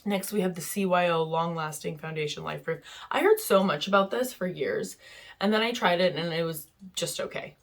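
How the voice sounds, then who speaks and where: Young woman, low voice, casual candid beauty vlogger, chatty. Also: moderate pace. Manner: chatty, candid, frequent fillers. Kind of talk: casual product review. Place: home in Vancouver.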